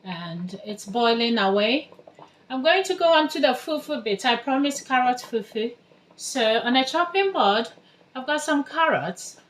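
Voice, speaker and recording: A woman's voice: high voice, animated, measured pace, fairly bright tone, a little hiss or hum. A woman from Ghana giving a casual cooking demonstration in her home kitchen, chatting through each step as she works. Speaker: home cook.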